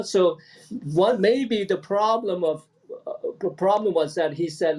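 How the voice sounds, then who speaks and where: A man's voice: high voice, lively intonation, measured pace, a little mellow. Guy coaching accents over a video call, patient, keeps repeating himself. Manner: patient, repeats instructions often. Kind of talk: online group lesson.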